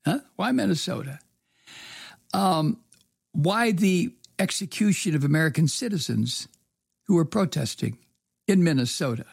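A man with a gravelly, husky voice gives solo political commentary, reading the news and then tearing into it with profane sarcasm. He talks in a halting, indignant way, full of fillers and restarts. The sound is dry and close to the mic. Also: a little high, animated, no room sound. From from the US state of Georgia.

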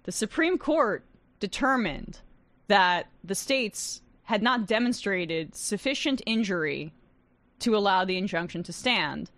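A woman's voice: medium pitch, animated, a bit bright, no room sound. A young adult woman hosting a news talk show, reading headlines and commenting in a casual, sarcastic way with frequent laughs. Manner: wry and sarcastic, quick to laugh. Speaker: fill-in news show host.

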